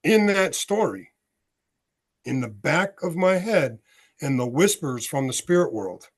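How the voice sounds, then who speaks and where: An American author and veteran in his sixties tells his story as a podcast guest, animatedly acting out the dialogue as he goes. His voice sits on the high side, a little slow, with a breathy edge.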